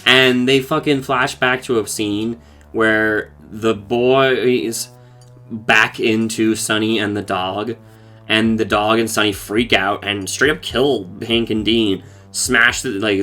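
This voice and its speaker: A man's voice: fairly low pitch, steady tone, takes it slowly, pushed and bright, faint music behind. A man casually recapping a cartoon episode for his podcast, talking loosely with lots of swearing and fillers. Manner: loose and profane, with frequent fillers and laughs.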